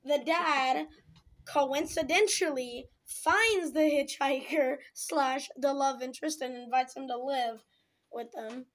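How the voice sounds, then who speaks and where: A woman's voice: high voice, takes it slowly, fairly bright tone. A young woman reviewing a film in a casual, dramatic and sarcastic way, ranting in exasperation.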